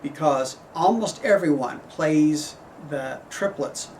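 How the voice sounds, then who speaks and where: A middle-aged man teaching a horn clinic, explaining phrasing in a measured way and singing passages on syllables. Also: a little high, darkish tone, distant mic, slight background noise. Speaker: horn professor giving a clinic. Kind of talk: instructional clinic talk.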